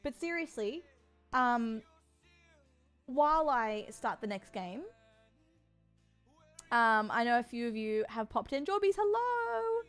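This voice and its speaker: A young Australian woman with a soft accent chats on her live stream in a fairly high, bright register. She is bubbly and gushing, and she scatters ums through her talk. Faint music plays quietly underneath. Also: slow pace, pauses often, clear, resonant tone. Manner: bubbly and chatty, gushing with excitement and frequent ums. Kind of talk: casual live-stream chat with a sponsor read.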